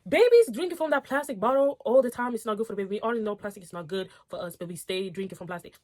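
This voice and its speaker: A woman's voice: medium pitch, lively intonation, racing, a little mellow. A young woman reading online posts aloud and reacting in a casual, outspoken way, swearing and getting heated. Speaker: storytime reactor.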